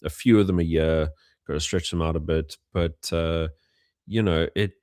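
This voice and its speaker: A man's voice: sits low, normal speed, a little mellow, no echo, studio quality. A young man from South Africa, hosting a casual livestream and telling stories with many fillers and restarts. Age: young adult. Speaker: host.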